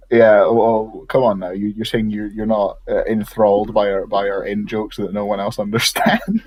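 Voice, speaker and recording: A man's voice: on the low side, flat delivery, measured pace, darkish tone. A man guesting on a casual reaction chat, full of joking, sarcastic banter. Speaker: guest co-host.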